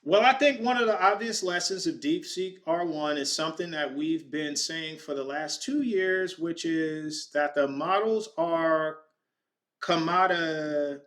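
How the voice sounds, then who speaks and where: On a desk microphone, a man speaks a little slowly with few pauses in a slightly high, fairly bright voice. He's a podcast host doing a casual vlog, talking through the stock charts on his screen, tripping over words and trading jokes with his chat.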